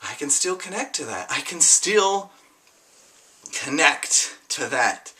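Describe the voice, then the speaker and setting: A young adult vlogger gives an unplanned personal testimony slowly and in a sing-song manner, the voice bright and forceful. Emotion runs high, with some swearing, as the speaker drops to quiet, low tones and then flares into heated bursts.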